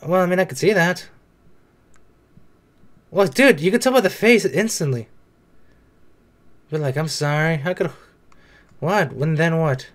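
A man's voice: high voice, animated, measured pace, pauses often. A young man talking back at the screen in casual reaction commentary, chatty and swearing now and then. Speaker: reaction video host.

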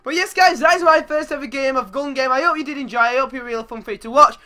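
Excitable young gamer. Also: male voice, fast talker. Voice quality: goes squeaky when yelling. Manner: excitable, shouts and swears at the game. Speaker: gaming YouTuber. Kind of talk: live gameplay commentary.

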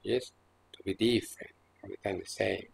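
A man as a spiritual teacher at a seminar, speaking in an earnest, admonishing way, with halting, repetitive phrasing and many restarts. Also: fairly low pitch, steady tone, vocal fry, slight background noise. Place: seminar room at an ashram in India.

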